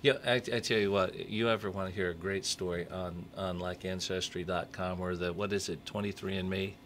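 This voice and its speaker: A man co-hosting a local morning radio show, chatting casually and telling a joke with animated delivery. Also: deep voice, fairly quick. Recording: radio studio with faint background noise.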